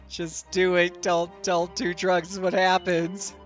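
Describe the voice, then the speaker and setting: A man's voice: sits high, completely flat delivery, takes it slowly, a bit bright, faint music behind. A man streaming a video game and commenting casually in a joking, mock-dramatic way. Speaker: let's play streamer.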